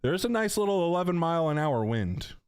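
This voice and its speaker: A man's voice: fairly high pitch, sing-song, a little fast, clean tone, no echo, clean studio sound. A middle-aged man from North Carolina, chatting casually and joking with viewers on a gaming stream. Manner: chatty, joking, slangy, reads chat aloud. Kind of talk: casual live-stream chat.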